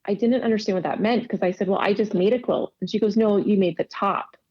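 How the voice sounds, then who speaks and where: A woman's voice: mid-range voice, fast, breathy edge. A woman casually telling stories in an interview, laughing often and acting out quoted dialogue. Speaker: podcast guest, quilter. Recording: dull lo-fi audio.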